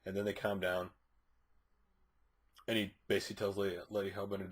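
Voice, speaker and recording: A man's voice: low voice, level tone, brisk, long pauses, breathy edge. A man reviewing a comic book issue, recapping the plot casually in a rambling way with frequent fillers and restarts.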